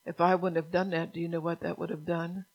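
A middle-aged woman preaching a fervent sermon, scolding the listeners and rising to loud, emphatic bursts. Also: lowish voice, flat delivery, a little fast, lo-fi sound.

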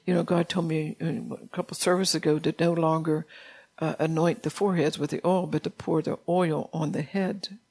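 A gravelly, fry-tinged voice of a preacher at mid pitch. It preaches an informal sermon in a loose, conversational manner, with frequent laughs. The delivery is folksy rather than formal. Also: level tone, normal speed, darkish tone.

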